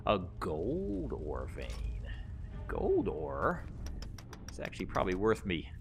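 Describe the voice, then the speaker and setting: With a gravelly, fairly low voice whose pitch swoops wildly, a gameplay commentator rambles casually through a let's-play session, chuckling often. He speaks slowly, and faint music plays in the background.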